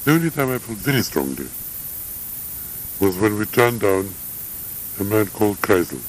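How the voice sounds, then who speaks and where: An older man in a reflective interview, speaking in a measured, halting way with frequent pauses and fillers. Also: on the low side, big pitch swings, a little hiss or hum, low-quality recording. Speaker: interviewee, academic.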